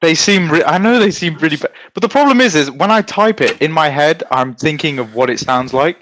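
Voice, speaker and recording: A man's voice: a little high, lively intonation, fairly quick, a bit bright, slight background noise. A young university-age man in casual podcast chat, teasing and self-deprecating. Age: young adult. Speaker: podcast co-host.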